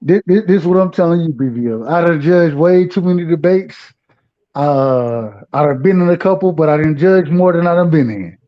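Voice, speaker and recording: Man, high voice, regular guest, slangy, restarts a lot, dull lo-fi audio. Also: moderate pace. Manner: loose, streetwise slang, frequent restarts. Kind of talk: casual live-stream chat.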